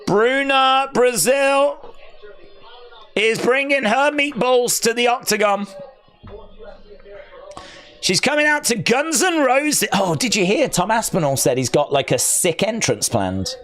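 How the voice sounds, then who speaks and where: An Englishman with a very high voice hosts a live fight watch-along stream, speaking slowly with long pauses. He chats casually, reads out viewer comments and bursts into excited cheers.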